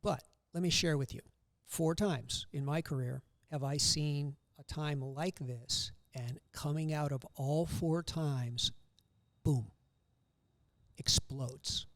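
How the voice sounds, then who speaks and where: A man's voice: fairly high pitch, measured pace, no echo. An older man, a guest loan officer, telling joking, upbeat stories on a casual podcast.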